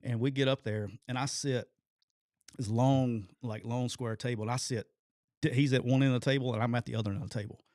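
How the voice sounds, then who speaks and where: A man, a podcast co-host and former football coach, telling a story in casual chat, acting out quotes loudly and laughing often. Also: medium pitch, steady tone, a little fast, no echo, studio quality.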